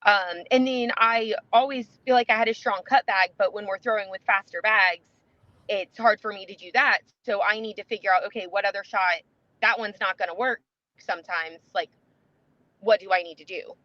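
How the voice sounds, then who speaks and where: A woman's voice: mid-range voice, normal speed, no room sound, highs cut off. A woman guest on a podcast, talking casually in a rambling way with many fillers and restarts. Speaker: podcast guest, competitive player. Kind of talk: casual interview chat.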